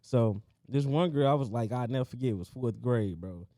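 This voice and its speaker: Animated man telling a story, dry sound. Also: mid-range voice, brisk, dry recording. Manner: animated storyteller acting out quotes. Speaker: podcast co-host. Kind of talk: casual storytelling chat.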